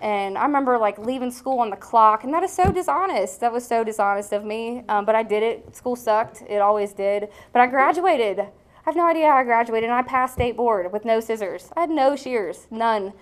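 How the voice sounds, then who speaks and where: A woman's voice: a little high, moderate pace. Young woman, candid testimony, blunt and frank, casual swearing, lots of "um". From American South. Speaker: speaker sharing recovery story.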